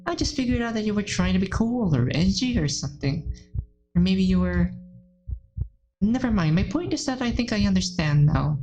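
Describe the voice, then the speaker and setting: A woman's voice: mid-range voice, animated, moderate pace, close to an everyday voice. A woman voicing a blunt, fiery, protective small teenage girl in a visual novel game. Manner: brash, protective.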